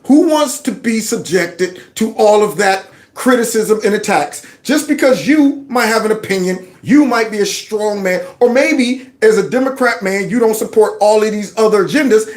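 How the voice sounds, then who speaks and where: A man's voice: sits high, animated, moderate pace. A man hosting a casual opinion commentary show, emphatic and given to repeating his phrases. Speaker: commentary channel host.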